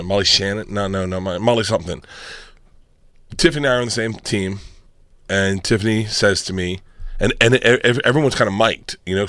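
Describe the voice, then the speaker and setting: A man guest on a comedy podcast, telling loud, rowdy stories in casual banter and acting out other people's lines. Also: lowish voice, dry recording.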